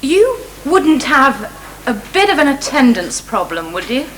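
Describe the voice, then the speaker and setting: A woman's voice: high-pitched, sing-song, unhurried, noisy background. An actress playing a dry, level-headed young female teacher in a 1990s TV sitcom. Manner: dry and wry.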